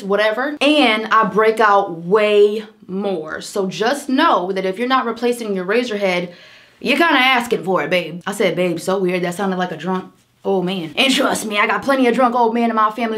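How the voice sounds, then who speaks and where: A woman's voice: medium pitch, a bit bright. A young American woman with a chatty, sisterly manner, giving casual beauty advice to camera and calling her viewers "girl". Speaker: beauty vlogger.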